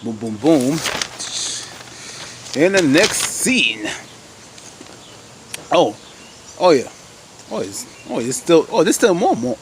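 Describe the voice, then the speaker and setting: A man casually recapping a TV episode, animated, exclaiming and laughing as he retells the scenes. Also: on the high side, slow pace, long pauses, slight background noise. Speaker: TV episode reviewer.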